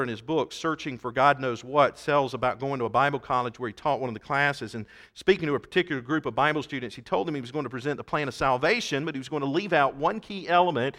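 A man's voice: medium pitch, quick pace, hardly any pauses, fairly bright tone. A man preaching a sermon, telling stories and building to emphatic declarations. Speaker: pastor.

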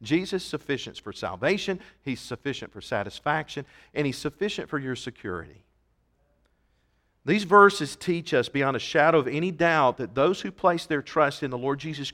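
A man preaching a sermon to a church congregation, earnest and emphatic, swinging from soft passages to loud appeals. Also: medium pitch, animated, normal speed. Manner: reads scripture in King James wording. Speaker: pastor. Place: church service.

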